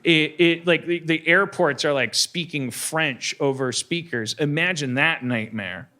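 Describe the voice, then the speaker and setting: A man with a bright, fairly high voice tells a story on a live stage, stammering and restarting as he goes. He rambles and breaks into acted voices. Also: measured pace. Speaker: podcast host. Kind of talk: live comedy podcast storytelling. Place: live stage before an audience.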